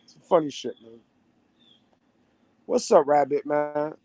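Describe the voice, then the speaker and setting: High-voiced man vlogging casually. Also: steady tone, slow. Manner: streetwise, profane, repeats phrases. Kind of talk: casual monologue to viewers.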